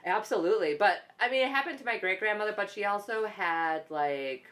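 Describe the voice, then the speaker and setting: A young American woman hosting a podcast, chatting loosely with plenty of swearing. Her voice sits at a middle pitch, and she laughs easily as she talks. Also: expressive, brisk, a bit bright. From United States. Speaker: podcast host. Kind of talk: casual chat.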